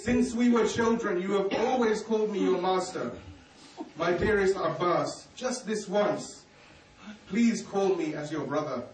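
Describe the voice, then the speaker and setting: A man voicing a grieving male leader who speaks tenderly and slowly through tears to his brother. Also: sits high, reverberant, far from the mic, rough recording. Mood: tender, tearful. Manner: tender, slow and tearful.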